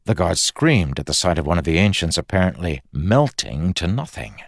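A man reading a fantasy audiobook aloud in a measured, dramatic storytelling manner. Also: sits low, sing-song, vocal fry, no room sound, clean studio sound. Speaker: audiobook narrator. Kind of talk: scripted fantasy narration.

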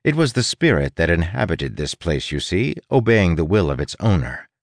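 A man reads an audiobook aloud in a wry, expressive way, his fairly low voice rising and falling freely. The recording is close and dry, with no room sound. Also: normal speed, gravelly, no echo. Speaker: narrator. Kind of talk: audiobook narration.

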